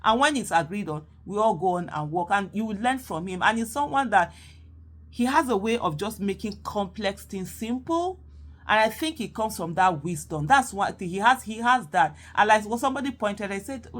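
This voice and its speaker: A woman's voice: mid-range voice, animated, normal speed. A woman with a Nigerian accent, talking casually and animatedly, repeating phrases and slipping into Pidgin. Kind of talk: casual monologue.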